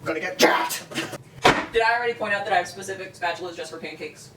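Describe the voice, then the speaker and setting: A man's voice: sits high, fast. Young man, home baking vlogger. Rambling, self-mocking, swears freely; distant laptop mic in a roomy, noisy kitchen. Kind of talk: casual solo vlog chat while baking.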